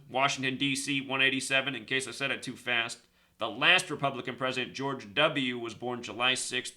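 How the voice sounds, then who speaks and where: Male video host, mid-range pitch, very bright tone, casual rambling delivery that doubles back on numbers. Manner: rambling, repeats numbers, talks fast then slows to stress points. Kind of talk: casual monologue to camera.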